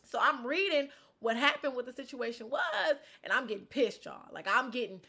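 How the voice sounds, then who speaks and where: Young woman vlogger, high and bright, animated casual storyteller with slangy outbursts. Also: normal speed. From Inglewood, California. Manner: animated and expressive, slangy, switches between loud outbursts and low asides. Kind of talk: casual life-update storytelling.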